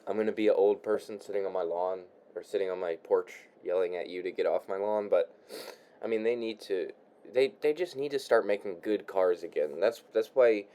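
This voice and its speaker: A young man talks off the cuff in his room, his voice low and mellow. He trips over his own words, repeats himself and sighs, dropping in casual swears as he goes. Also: normal speed. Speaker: vlogger. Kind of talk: rambling casual monologue while crafting.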